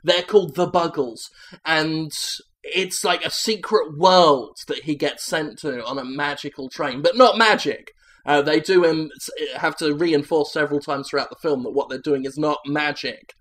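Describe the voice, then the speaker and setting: Comedy host, male, slightly high voice, rambling deadpan improv delivery. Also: normal speed. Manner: rambling, deadpan absurd pitch meeting.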